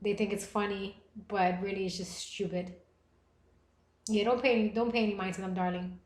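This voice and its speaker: A young American woman hosting a livestream podcast, chatting casually with viewers in a playful, animated way. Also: medium pitch, normal speed, a little hiss or hum. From United States. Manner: animated and playful, with gasps and bursts of laughter. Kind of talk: casual livestream chat reading viewer comments. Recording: echoey room.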